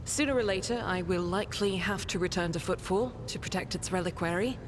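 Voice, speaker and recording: A woman's voice: brisk, lightly acted. A woman voicing a formal warrior nun. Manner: formal, courteous. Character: stern, devout female warrior nun. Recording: roomy reverb, loud game rumble.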